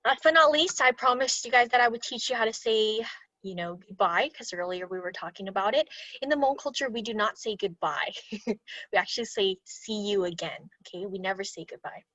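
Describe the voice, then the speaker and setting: A woman's voice: medium pitch, brisk, bright, forceful tone, no room sound. A young woman from California presenting an online culture workshop, chatty and laughing often. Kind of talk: casual online workshop teaching. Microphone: video call. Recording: dull lo-fi video call audio.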